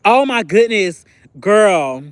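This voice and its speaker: A young man talking candidly on a livestream, confiding and expressive, acting out bits of phone conversations and often clearing his throat. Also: sits high, takes it slowly, dry recording. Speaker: livestream host. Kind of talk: candid personal livestream chat.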